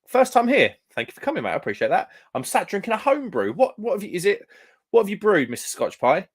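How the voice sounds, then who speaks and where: A man's voice: high-pitched, big pitch swings, fast talker, slightly rough. Young British man, rambling live stream host, casual beer-chat delivery. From United Kingdom. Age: young adult. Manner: rambling, chatty, lots of fillers and restarts.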